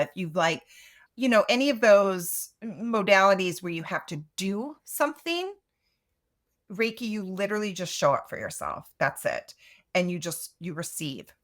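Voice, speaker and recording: Middle-aged woman guest, lowish pitch, earnest and conversational, a Reiki teacher. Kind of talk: casual interview talk.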